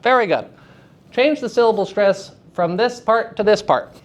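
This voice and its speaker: A theater lecturer, a man with a high-sitting voice, teaches students at a moderate pace. He's energetic, repeatedly checking in with "right?" and "okay?", and repeats example sentences to demonstrate.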